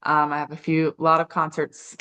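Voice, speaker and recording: Low smooth-voiced young woman. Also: completely flat delivery, a little fast, sharp tone. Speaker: elementary teacher. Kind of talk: class introduction on a video call. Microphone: video call.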